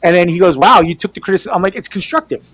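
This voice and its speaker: A man, an artist, chatting casually and telling animated stories, acting out other people's voices and swearing freely. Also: high-pitched, very fast, poor audio. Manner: animated storyteller who acts out quoted voices. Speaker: artist on a team panel show. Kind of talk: casual storytelling chat.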